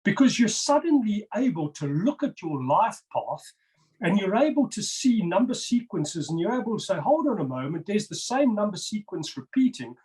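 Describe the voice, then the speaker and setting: A man's voice: sits high, sing-song, moderate pace, a little mellow, low-quality recording. A man on a video-call interview, explaining number patterns over slides in an emphatic, insistent way and repeating words for stress.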